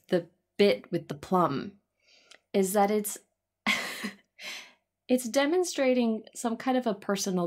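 A woman co-hosting a podcast, chatting casually and thoughtfully and giggling often. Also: medium pitch. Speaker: podcast co-host. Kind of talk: casual chat.

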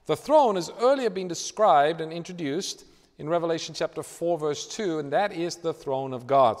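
A man preaching a sermon in a church, dramatic, swinging from loud emphasis to hushed tones. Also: fairly high pitch. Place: church hall. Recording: reverberant church hall.

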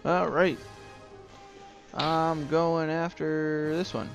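A man playing a tabletop game, upbeat and a little rushed. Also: on the high side, fairly even intonation, gravelly, faint music behind. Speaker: player.

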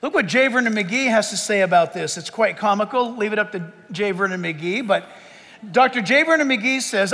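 A man preaching a sermon as pastor, emphatic and swinging between loud and hushed. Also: high-pitched, expressive, moderate pace. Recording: long hall reverb.

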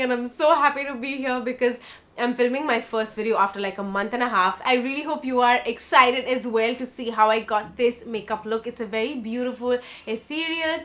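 Bubbly young woman doing a makeup tutorial vlog, kinda high voice, chatty with her viewers. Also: pushed and bright. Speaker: beauty vlogger. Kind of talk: casual makeup tutorial chat.

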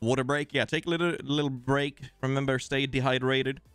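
A man's voice: medium pitch, steady tone, a little fast, a bit bright, clean tone, dry recording, soft background music. Swedish man joking through a stream. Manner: jokey, rambling, thanking viewers. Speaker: streamer host. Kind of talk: casual live-stream chat.

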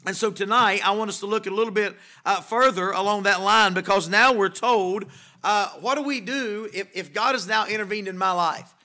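High, bright-voiced preaching pastor. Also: male voice, normal speed. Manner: emphatic preaching with rhetorical questions and repetition. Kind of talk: sermon. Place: church sanctuary.

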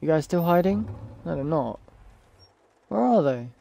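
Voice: medium pitch, animated, unhurried, creaky, dark tone. A let's play gamer, commentating a horror game in a jumpy way, talking to the game's characters. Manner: jumpy, talks to game characters, startled shrieks.

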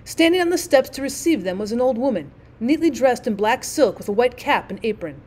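A woman teacher reading a classic story aloud as an audiobook, narrating clearly and expressively. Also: a little high, expressive, brisk, darkish tone.

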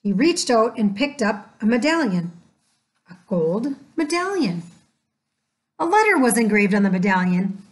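Slow, gentle woman reading a storybook. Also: on the high side, very animated. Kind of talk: scripted storybook narration.

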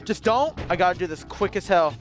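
A man's voice: high-pitched, animated, brisk. Young man ranting over game music. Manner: frustrated, profane ranting at the game. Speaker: let's play gamer. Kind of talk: live gameplay commentary.

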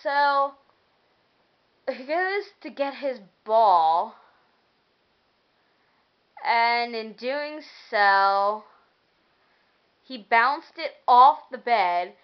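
A young woman talks straight to her webcam in a loose, rambling vlog, griping about her week and swearing freely. Her voice sits a little high. The sound is dull and lo-fi, like a cheap built-in mic. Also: expressive, extremely slow, long pauses, clear, resonant tone. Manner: rambling, venting, swearing, laughing often. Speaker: vlogger. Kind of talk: casual vlog chat.

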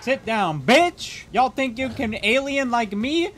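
A man's voice: animated, takes it slowly, slight background noise, full character voice. A man putting on a boastful, taunting voice as the top alien killer in a multiplayer horror game, with game music behind him. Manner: boastful, taunting, high and loud. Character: cocky trash-talking male alien killer. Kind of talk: in-game trash talk.

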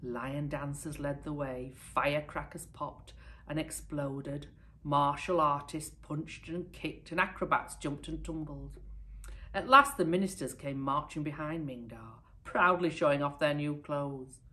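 A woman teacher from the United Kingdom reading a picture book aloud to pupils with lively expression. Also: sits low, a little slow. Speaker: primary school teacher.

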